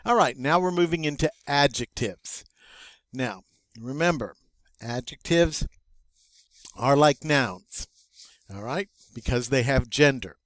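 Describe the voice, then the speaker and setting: A man teaching French vocabulary as a lesson, slow and playful with little jokes along the way. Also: medium pitch, animated, fairly bright tone, no room sound. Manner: slow, playful, jokey asides.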